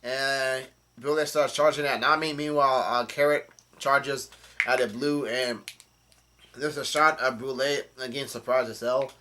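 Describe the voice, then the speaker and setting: A man's voice: mid-range voice, fairly even intonation, unhurried, sharp tone, a little hiss or hum. A man casually recapping a comic chapter, rambling with many fillers and restarts. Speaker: channel host.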